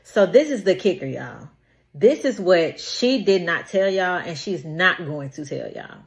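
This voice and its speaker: A woman's voice: on the low side, lively intonation, a little slow. A young woman casually recounting a story, emphatic and repeating herself for effect.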